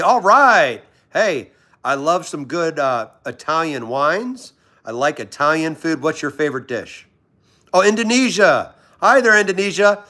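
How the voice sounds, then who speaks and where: Home in pajamas, a Washington, D.C. man runs a laid-back livestream in a medium-pitched voice that sounds pushed and bright. Friendly and rambling, he calls out viewers by name.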